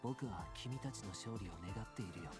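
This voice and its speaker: An actor voicing a gentle young man in a game, speaking softly and sincerely. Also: on the low side, rapid-fire, over loud music, natural voice. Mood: tender. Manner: soft, quiet, sincere. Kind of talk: Japanese game voice acting.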